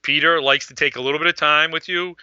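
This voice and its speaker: A middle-aged man who organizes fan events, telling a rambling, animated story in casual talk and acting out the voices of people he quotes. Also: a little high, quick pace, smooth, no echo, muffled recording.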